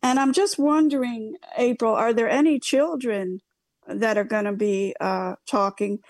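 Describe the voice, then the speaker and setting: Older woman hosting radio talk, gravelly, dry studio, halting with restarts. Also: a little high, a little mellow, no room sound. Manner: halting, many fillers and restarts. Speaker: radio host.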